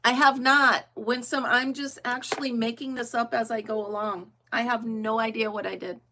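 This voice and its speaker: Woman, middle-aged, slightly high voice, casual, laughing, thinking aloud while crafting. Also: fairly even intonation, moderate pace, sharp tone, a little hiss or hum. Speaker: crafting livestream host.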